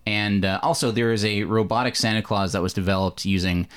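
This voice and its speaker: A man from Canada talks through a film in a loose podcast chat, filling pauses with ums and restarting sentences. His voice sits on the low side. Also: steady tone, clean tone. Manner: rambling, many fillers and self-corrections. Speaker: podcast host. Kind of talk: casual movie discussion.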